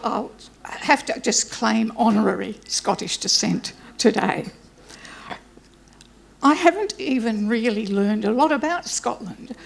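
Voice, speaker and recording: A woman's voice: fairly high pitch, gravelly. A woman gives a chatty, self-deprecating welcome speech before introducing a guest lecturer. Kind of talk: informal anecdotal welcome speech.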